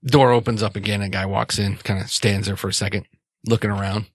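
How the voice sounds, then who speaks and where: Casual tabletop game master, a man with a low voice, rambling, dry recording. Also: steady tone, husky, dry recording. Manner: rambling, halting with fillers.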